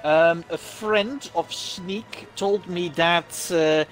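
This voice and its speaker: A man's voice: high-pitched, extremely slow, soft background music. A man chatting casually with a streamer about a video game, teasing and swapping tips. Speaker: friend on stream. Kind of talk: casual gaming chat.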